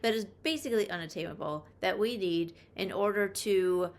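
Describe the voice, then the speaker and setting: A woman's voice: medium pitch, normal speed. A woman realtor talking casually to camera, chatty and emphatic, repeating key points for stress and dropping self-deprecating asides. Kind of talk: casual talking-head vlog.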